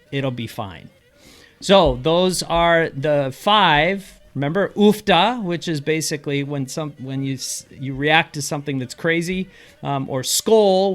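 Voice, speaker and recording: A middle-aged man with a Minnesotan accent talks casually to camera, his voice sitting a little high for a man. He is playful and breaks into a sing-song tone when he acts out local sayings. Soft music plays quietly under his voice. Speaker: real estate agent. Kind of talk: casual explainer video.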